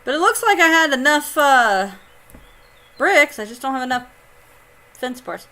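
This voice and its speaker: A woman streamer chats as she plays, reading viewers' comments aloud and laughing easily. Her voice sits a little high with a bright, sharp edge. She takes her time and speaks at an unhurried, easygoing pace. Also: very animated. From Indiana, United States. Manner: chatty, reads chat aloud, laughs often. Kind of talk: casual live-stream chat while gaming.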